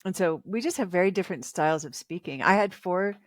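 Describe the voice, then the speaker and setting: A woman's voice: fairly low pitch, animated, quick pace, no echo, studio quality. A woman in her fifties, a relationship author talking as a guest in a casual interview, chatty and reflective and laughing often.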